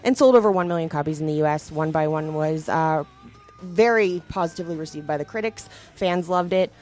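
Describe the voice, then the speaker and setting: A woman's voice: sits low, brisk, darkish tone, soft background music. A woman from Philadelphia co-hosting a rock podcast, reading notes and listener comments in an easygoing, casual way. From Philadelphia, USA. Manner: easygoing, laughs often, reads from notes. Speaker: podcast co-host.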